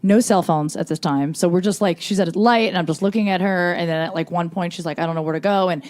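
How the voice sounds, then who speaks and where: A woman telling a long, animated story as a guest on a comedy podcast. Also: on the low side, quick pace. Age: 20s. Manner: animated storyteller who acts out shouted quotes.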